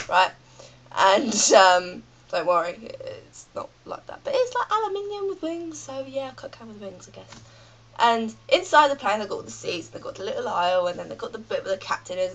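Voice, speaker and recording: A woman's voice: medium pitch, fairly bright tone, low-quality recording. A British woman with a cold, ranting in a rambling, chatty vlog full of fillers. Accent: British English. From Britain. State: has a cold. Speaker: vlogger.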